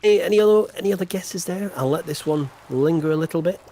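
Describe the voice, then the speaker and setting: A man's voice: high-pitched, quick pace, mellow, slight background noise. A man hosting a quiz on a casual game livestream, teasing the players and announcing the winners with mock-grand flourishes.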